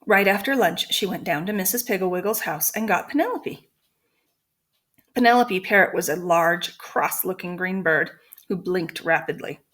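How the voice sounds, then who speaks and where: A woman teacher reading a children's chapter book aloud to her students, clear and expressive. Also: fairly low pitch, normal speed. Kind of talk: storybook read-aloud.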